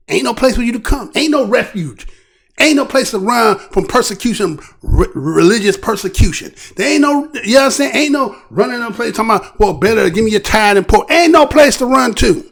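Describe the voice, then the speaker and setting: Gravelly high-voiced man ranting. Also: normal speed. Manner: animated, emphatic, drifts into muttering. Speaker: show host. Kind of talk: casual livestream commentary.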